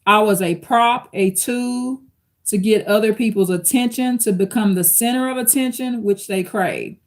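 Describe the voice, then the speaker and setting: A woman's voice: mid-range voice, normal speed. Woman reading aloud and commenting on a live stream. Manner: conversational, addresses viewers as y'all, reads quotes aloud. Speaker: channel host reacting to an article.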